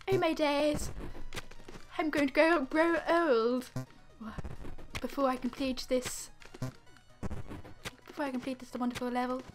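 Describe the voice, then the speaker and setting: A woman's voice: sits high, sharp tone, heavily acted. A woman putting on a prim, posh English lady voice with genteel exclamations, asking for her tea.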